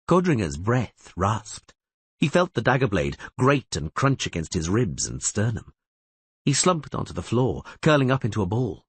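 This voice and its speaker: Male audiobook narrator, dramatic, husky, wide swings. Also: on the low side, normal speed, no room sound. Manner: dramatic, expressive reading.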